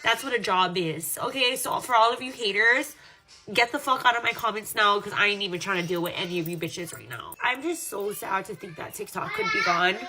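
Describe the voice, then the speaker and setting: A woman's voice: medium pitch, very animated, a little fast, hardly any pauses, bright, forceful tone, slight background noise. A woman content creator talking straight into her phone camera. She is blunt and emphatic and swears at her critics. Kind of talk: direct-to-camera rant.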